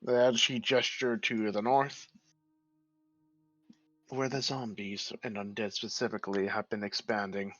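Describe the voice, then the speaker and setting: A man's voice: on the low side, little pitch movement, unhurried, pauses often, fairly bright tone, dry recording, muffled recording, faint music behind. A man narrating as the game master of a tabletop game, describing scenes steadily.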